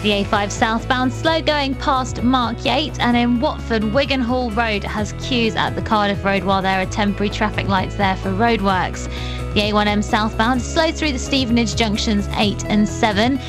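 Female traffic reporter, steady deliberate bulletin read over clear background music. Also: a little high. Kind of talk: radio travel bulletin.

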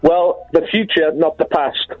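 A man's voice: a little high, a little slow, husky, narrow, tinny audio, faint music behind. A man with a Liverpool accent, calling into a radio phone-in and joking boastfully about his city. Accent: Liverpool (Scouse). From Liverpool, England. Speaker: caller.

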